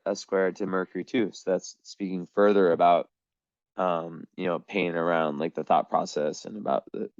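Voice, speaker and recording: A man giving a casual astrology reading to camera, meandering and hesitant, with a voice that is going hoarse. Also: sits low, no room sound, lo-fi sound. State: losing his voice.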